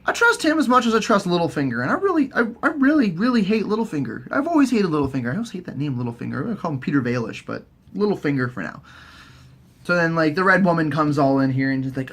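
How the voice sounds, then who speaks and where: A man giving a profane, excitable casual recap as a vlogger. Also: on the high side, fast talker. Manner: excitable, sweary, animated.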